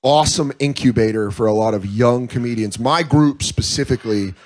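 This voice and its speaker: A man in his thirties, a comedian, chatting casually and telling stories with lots of swearing and quick impressions. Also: medium pitch. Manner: profane, animated storytelling with quick impressions. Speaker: comedian guest. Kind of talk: casual interview chat. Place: comedy club stage, live.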